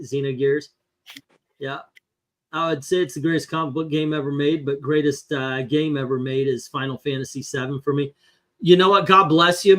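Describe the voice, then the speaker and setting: Middle-aged male host, slightly high and bright, animated storyteller. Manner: animated storyteller, voices impressions. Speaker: comic book channel host. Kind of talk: casual panel chat.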